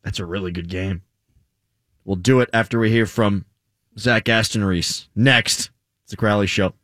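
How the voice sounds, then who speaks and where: A man hosting a sports radio show, bantering in an animated, sarcastic way. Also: on the low side, moderate pace, dry recording, studio quality.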